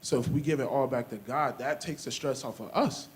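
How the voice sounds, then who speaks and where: Black dude, mid voice, kinda preachy and rhythmic, faint hiss behind. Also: male voice, medium pitch, a little fast. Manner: preachy, repetitive, rhythmic phrasing. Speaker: discussion participant. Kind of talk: casual faith-based discussion.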